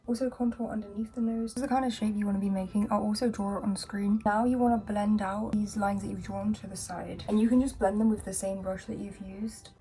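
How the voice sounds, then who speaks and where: A woman's voice: medium pitch, fairly even intonation, a little fast, hardly any pauses, mellow, slight background noise. A young woman giving a casual cosplay makeup tutorial in a chatty, playful way with jokey asides. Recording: music playing behind the voice.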